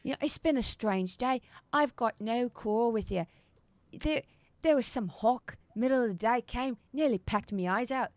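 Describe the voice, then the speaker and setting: A woman's voice: on the high side, normal speed, no echo, voice pushed up, lightly acted. Shifty male satyr, as a female game master puts him on, rambling excuses in a dry, close voice. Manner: slangy, pleading, rambling excuses. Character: nervous shifty male satyr hired hand. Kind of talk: tabletop role-play.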